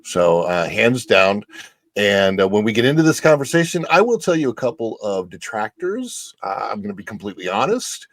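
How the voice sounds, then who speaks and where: A man who is a guest on a theme park show, talking in a halting, emotional way with many restarts. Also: lowish voice, big pitch swings, no room sound. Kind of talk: casual chat.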